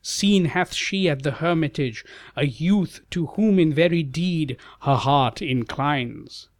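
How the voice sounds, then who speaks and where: A man voicing a gentle, worried king and father in an audiobook ballad, measured and anxious. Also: on the high side, dry recording, clean studio sound, voice pushed up. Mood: earnest.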